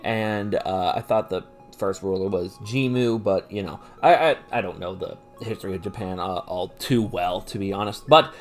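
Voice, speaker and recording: A man hosting a podcast, recapping an anime episode in a loose, chatty way, with lots of "uh" fillers, laughs and the odd swear word, and getting animated when he gives his opinions. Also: low-pitched, moderate pace, few pauses, soft background music.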